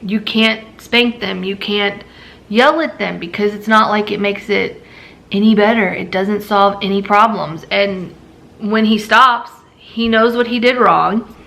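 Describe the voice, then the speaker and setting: A woman's voice: mid-range voice, fairly even intonation, unhurried, gravelly, a bit bright. A woman speaking candidly as a mother in a personal vlog, in a weary, drained, venting way. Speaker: mother vlogger.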